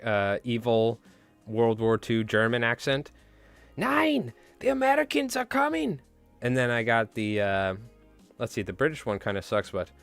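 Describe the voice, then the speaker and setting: A man's voice: on the low side, a bit bright, clear, resonant tone. A man chatting casually on a live stream while tying flies, rambling and joking at his own expense. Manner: rambling, self-mocking, joking.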